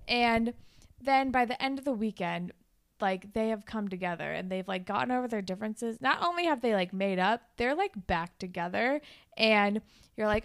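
A woman's voice: on the high side, moderate pace, clear, resonant tone, dry recording, clean studio sound. A woman co-hosting a podcast, casually chatting and improvising a playful story with lots of filler words. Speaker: podcast co-host.

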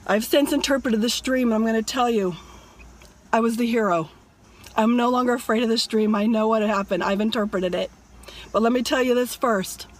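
High-voiced woman, dramatic preaching vlogger. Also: steady tone, normal speed. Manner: emphatic, addresses viewers as "people". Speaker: religious vlogger.

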